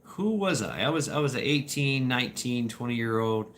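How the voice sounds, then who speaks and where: A man in his forties rambles through viewer questions on a live stream. His voice is bright and forceful. He halts often, repeats words and laughs between stories. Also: medium pitch, expressive, moderate pace, a little hiss or hum.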